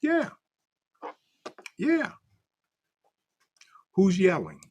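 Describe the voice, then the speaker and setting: A man's voice: mid-range voice, wildly swooping pitch, drawn-out words, long pauses, a little mellow, breathy edge. A man hosting a casual livestream, greeting viewers from the chat by name in a loose, way. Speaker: livestream host.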